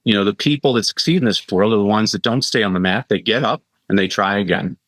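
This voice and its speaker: Animated man telling stories, dry sound. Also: fairly low pitch, no echo. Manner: animated storyteller, quick asides and impressions. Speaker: guest, educator and keynote speaker. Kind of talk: conversational podcast interview.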